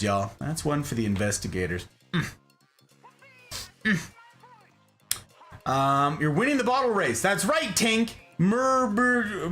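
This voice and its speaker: Male stream host, playful banter, animated pitch, light music bed underneath. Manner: playful, jokey asides to chatters. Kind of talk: casual chat reading live chat. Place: home desk.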